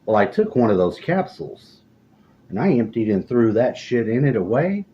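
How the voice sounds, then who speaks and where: A middle-aged man telling rambling stories in a casual, profane, deadpan way. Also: medium pitch, normal speed, dull audio, a little hiss or hum. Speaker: storyteller. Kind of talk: casual storytelling monologue.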